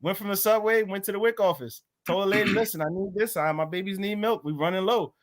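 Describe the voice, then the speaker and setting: A man telling a personal story in lively, emotional style, acting out the voices of others and laughing often. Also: high-pitched, quick pace. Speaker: guest, motorcycle club president. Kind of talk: animated storytelling.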